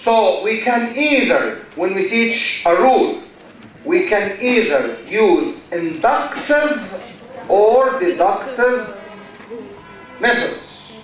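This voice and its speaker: A man's voice: high-pitched, expressive, slow pace, soft background music. A man lecturing a university class, asking the students questions, answering them himself and repeating key phrases. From Egypt. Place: large university lecture hall. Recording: very echoey lecture hall, mic far off.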